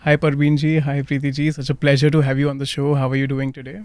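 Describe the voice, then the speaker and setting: A man hosting a podcast, reading an intro and asking questions, with many quick agreements. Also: medium pitch, completely flat delivery, a little mellow, soft background music. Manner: eager, frequent short agreements. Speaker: podcast host. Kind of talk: interview with scripted intro.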